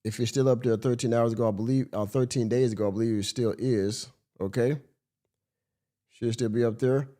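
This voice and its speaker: A man's voice: medium pitch, fairly even intonation, a little fast, mellow. Blunt, exasperated male podcast host. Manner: exasperated, blunt, swears freely. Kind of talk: reaction commentary on a livestream.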